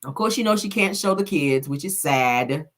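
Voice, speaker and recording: Sassy, animated woman live-streamer. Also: deep voice, moderate pace. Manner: sassy, animated, lots of fillers and call-outs. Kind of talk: casual gossip live stream.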